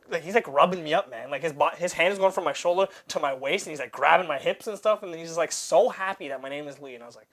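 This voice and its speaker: Young male podcast host, slightly high voice, animated, profane storyteller. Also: very fast, few pauses. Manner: animated, swearing anecdote-teller. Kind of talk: casual storytelling chat.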